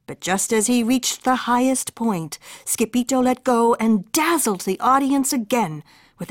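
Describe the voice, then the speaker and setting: A woman's voice: on the high side, lively intonation, unhurried, dry recording, clean studio sound. A woman reading a children's picture book aloud in a playful, sing-song way, sprinkling in Spanish words. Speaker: storybook reader.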